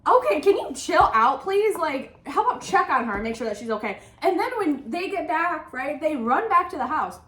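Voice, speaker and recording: A woman with a slightly high voice rants about a book in casual, animated bursts, leaning on "like" as she goes. Her voice rings in a roomy, echoey space. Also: moderate pace, few pauses. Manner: animated, exasperated ranting with frequent "like". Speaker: book podcast co-host. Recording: roomy echo.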